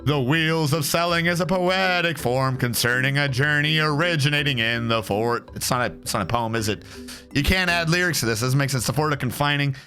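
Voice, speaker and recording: Riffing sarcastically on the text he reads out and swearing without restraint, a man gives casual let's-play commentary on a strategy game. He talks fairly quickly in a bright, forceful, slightly high voice, while faint game music plays beneath.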